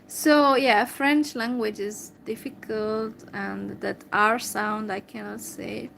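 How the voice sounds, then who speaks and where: A Hungarian woman talking to camera in English with a Hungarian accent, replying to a viewer slowly and hesitantly, with many fillers. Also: mid-range voice, fairly even intonation, gravelly, fairly bright tone, a little hiss or hum, poor audio. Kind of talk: casual talk to camera.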